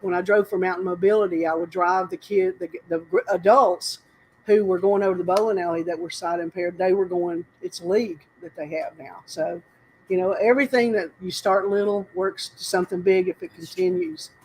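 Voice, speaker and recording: A woman's voice: on the low side, brisk, a little mellow, a little hiss or hum, rough recording. An older woman from North Carolina, telling stories in a casual, rambling interview, often breaking off and laughing. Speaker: interview guest. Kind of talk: casual storytelling.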